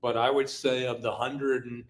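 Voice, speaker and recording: A man's voice: mid-range voice, flat delivery, normal speed, poor audio. A man, a crime reporter, in casual chat who tells stories and often repeats words while he gathers his thoughts.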